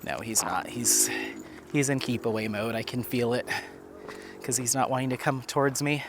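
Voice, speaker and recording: A man's voice: medium pitch, steady tone, brisk, background noise. A man chatting casually for his crafting vlog while walking outdoors, rambling with many fillers and coaxing his dog in a playful, raised voice. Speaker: crafting vlogger. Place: outdoors on a walk.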